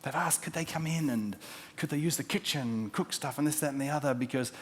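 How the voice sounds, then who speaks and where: A man, a pastor preaching a sermon, telling stories and acting out the quotes, dropping from loud to hushed. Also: a little high, brisk. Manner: storytelling with acted-out quotes, swinging from loud to hushed.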